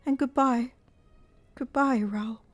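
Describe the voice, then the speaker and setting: A woman voicing a sorrowful young female opera singer with a high, grave, despairing voice in an audiobook reading. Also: expressive, slow pace, a little mellow, faint music behind. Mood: tender farewell.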